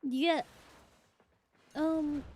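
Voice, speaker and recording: High-voiced young woman streamer. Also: fairly even intonation, drawn-out words, a little mellow. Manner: casual, swears freely, laughs often. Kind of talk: casual gaming stream chat.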